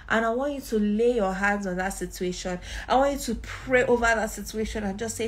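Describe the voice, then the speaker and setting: A woman's voice: mid-range voice, a little fast. A woman preaching and leading prayer with emphatic delivery, breaking into tongues. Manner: emphatic, prays aloud in tongues. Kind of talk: sermon and prayer.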